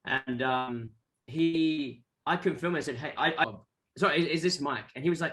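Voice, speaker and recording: Animated Australian man telling stories. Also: a little high, normal speed. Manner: animated, rambling, acts out quoted voices. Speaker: guest musician. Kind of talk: casual interview storytelling.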